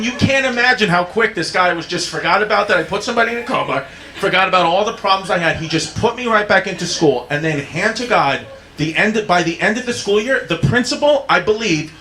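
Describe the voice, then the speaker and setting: A man doing stand-up, telling a story loudly with frequent laughter and a drunken slur. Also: sits high. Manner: loud, laughing, drunken delivery. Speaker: stand-up comedian. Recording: comedy club recording with ambience.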